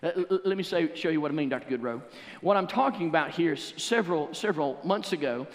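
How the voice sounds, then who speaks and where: A male pastor preaching a sermon in a church, telling stories in an animated way and breaking into exuberant shouts. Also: on the high side, fast talker. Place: church sanctuary. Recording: long church hall reverb.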